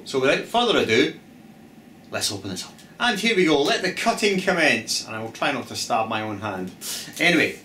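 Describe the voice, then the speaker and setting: A man's voice: mid-range voice, very animated, fairly quick, pushed and bright, roomy sound, slight background noise. A man hosting his own gear unboxing vlog, talking in a theatrical, exuberant, self-mocking way. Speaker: channel host.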